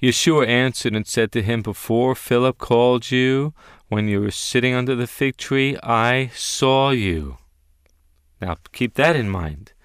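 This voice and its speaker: A man's voice: mid-range voice, smooth, dry recording, studio quality. A man leading an interactive Bible teaching, emphatic and questioning his listeners as he stresses key words.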